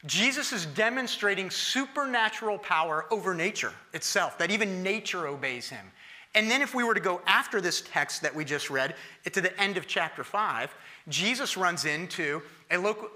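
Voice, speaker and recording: A male preacher delivering a sermon in a relaxed, talk-to-you manner. His voice sits high and rings very bright and forward. He keeps it lively and conversational.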